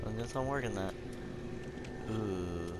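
A young man giving casual, jokey gameplay commentary at home, breaking into loud frustrated outbursts. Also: fairly low pitch, a little slow. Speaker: gaming channel host. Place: home room with dogs around. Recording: loud background noise.

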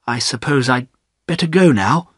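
A man voicing an earnest young gentleman who pleads and turns bitter, in a storybook reading. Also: medium pitch, expressive, moderate pace, slightly rough, dry recording, studio quality. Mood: disappointed.

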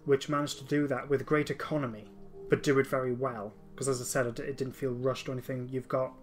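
Over faint background music, a man hosting a podcast chats eagerly in a relaxed conversation. He speaks at a medium pitch in a level tone, though he keeps stopping and starting his sentences over.

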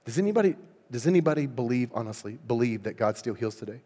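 A man preaching at a revival service, telling a story in a lively, conversational way and laughing often. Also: mid-range voice, fast talker. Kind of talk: storytelling sermon. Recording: long reverb in a church hall.

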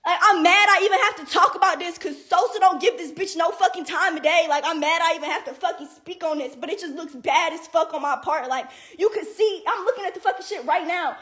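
A woman's voice: very high voice, brisk, hardly any pauses, fairly bright tone. A young woman on a livestream, ranting in an indignant and exasperated way, swearing constantly and filling her speech with "like" and "bro", with bursts of laughter. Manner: heavy profanity, repeated "like" and "bro". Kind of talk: angry livestream rant.

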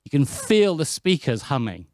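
Man from the UK preaching; anecdotal, lively, dry close sound. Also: mid-range voice, normal speed, no echo. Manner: anecdotal, chatty and lively, with self-deprecating asides. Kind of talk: sermon.

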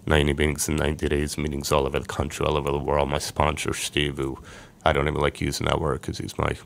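A man's voice: a bass voice, completely flat delivery, fast talker, vocal fry. A middle-aged man earnestly telling an emotional personal story as a podcast guest.

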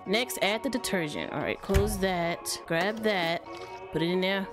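A woman's voice: on the low side, unhurried. A young woman hosting a gaming channel, chatting straight to her viewers and reading the game's text aloud while playing a horror game. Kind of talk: horror game let's play commentary. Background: game music.

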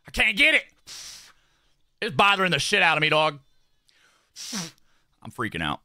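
A young man streams from a small room at home, cursing and rambling in loose slang while he does his makeup. His voice is sharp and very bright, a bit high for a man, and it swings up and down a lot. The sound is close and completely dry. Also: big pitch swings, normal speed, dry recording. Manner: profane, slangy, rambling with repeated phrases. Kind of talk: casual livestream chat while doing makeup.

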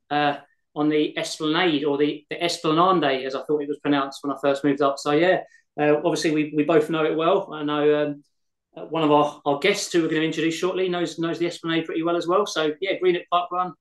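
A man's voice: fairly high pitch, flat delivery, brisk. An English man co-hosting a podcast, chatting casually and repeating words as he talks. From England. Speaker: podcast co-host. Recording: echoey room.

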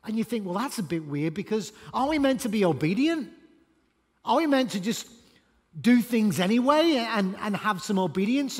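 A man preaching a sermon as pastor, emphatic and animated, with sudden loud bursts. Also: high-pitched. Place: church auditorium. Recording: church hall reverb.

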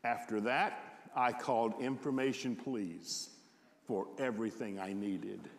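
Slow reflective male storyteller, echoey hall. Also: fairly high pitch. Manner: slow, reflective, first-person. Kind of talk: storytelling reading at a concert.

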